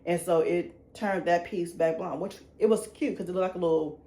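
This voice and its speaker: A woman's voice: lowish voice, steady tone, moderate pace, dark tone. A woman, chatting nervously and laughing at herself while showing how she dyes a wig at a sink. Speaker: beauty vlogger. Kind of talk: casual talk-along tutorial. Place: indoor room at a sink. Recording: echoey room with faint ambient noise.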